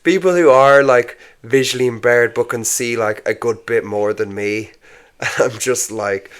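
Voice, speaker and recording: A man's voice: medium pitch, fairly even intonation, a little slow. A man, a comedian guest in casual podcast chat, rambling with lots of filler words and laughing often.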